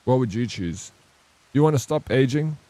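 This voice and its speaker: A young man, chatting casually and excitably with his stream viewers, rambling between topics. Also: mid-range voice, moderate pace. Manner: rambling, excitable, says bro a lot. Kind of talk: casual chat with live chat.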